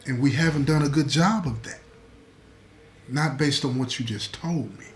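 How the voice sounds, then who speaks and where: A man voicing a caring, protective stepfather who speaks low and earnest, in a steady reassuring tone. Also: moderate pace, slight background noise, natural voice. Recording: echoey room.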